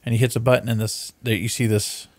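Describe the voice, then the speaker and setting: A podcast host rambles and swears his way through retelling movie plots in a casual, animated style. His voice is medium-pitched and quick, with no echo.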